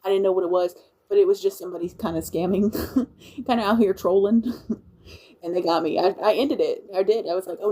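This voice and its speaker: A woman's voice: lowish voice, mellow, rough recording. A woman from Louisiana with a country and Cajun accent, chatting casually on a livestream and thanking her viewers as she rambles. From Louisiana, USA. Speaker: livestream host. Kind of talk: casual live-stream chat.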